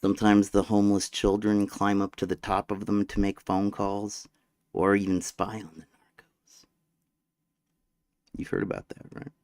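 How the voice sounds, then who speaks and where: A man's voice: deep voice, vocal fry, a little mellow, dry recording, clean studio sound. Rambling male vlogger telling crude stories offhand. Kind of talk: casual storytelling. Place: desert near the border.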